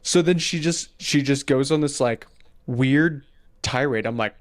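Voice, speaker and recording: A man's voice: mid-range voice, a little slow. A man co-hosting a podcast, casually telling a funny story and quoting the people in it. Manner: animated retelling, quoting people in his story. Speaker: podcast co-host.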